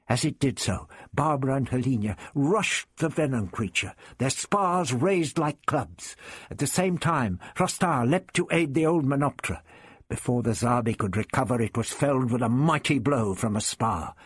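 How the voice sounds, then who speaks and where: Husky male audiobook narrator. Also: medium pitch, no echo. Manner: steady, measured storytelling. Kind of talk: scripted narration.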